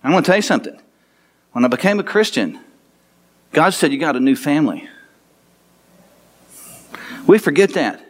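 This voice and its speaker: A man preaching a sermon as pastor, animated, laughing and making quick asides to the congregation. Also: on the high side.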